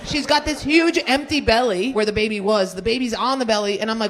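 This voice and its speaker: A woman doing stand-up comedy with crowd work, loud, incredulous and mock-outraged at audience members. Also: on the high side, fast. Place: comedy club stage. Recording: echoey club from far off, loud crowd laughter.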